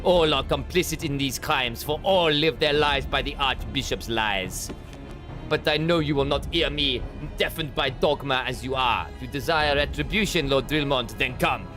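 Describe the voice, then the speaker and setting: A man's voice: mid-range voice, moderate pace, sharp tone, soft background music, natural voice. A man voicing a haughty, villainous male inquisitor in a put-on French accent, sneering and theatrical. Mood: scornful.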